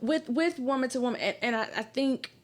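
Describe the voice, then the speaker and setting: A woman from Mississippi, a magazine publisher, talking casually as a podcast guest and telling stories with lively acted-out exchanges, on a studio mic. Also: high-pitched, a little fast. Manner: animated storyteller, acts out quoted exchanges. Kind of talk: casual interview talk.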